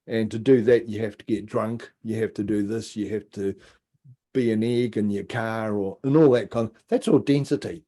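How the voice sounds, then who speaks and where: A middle-aged man, a podcast guest telling a personal story in a casual, animated way, acting out quotes and dropping into low asides. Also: moderate pace.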